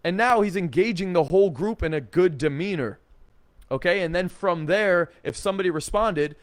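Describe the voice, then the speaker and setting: A man giving casual dating advice to camera, energetic and blunt, with swearing and lots of 'like'. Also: sits high, moderate pace, no room sound. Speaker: dating coach.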